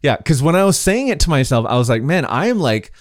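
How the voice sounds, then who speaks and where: A man's voice: medium pitch, big pitch swings, quick pace, no room sound, clean studio sound. A young Canadian man with a Canadian accent, hosting a podcast in an upbeat, laughing manner. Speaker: podcast host. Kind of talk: casual chat.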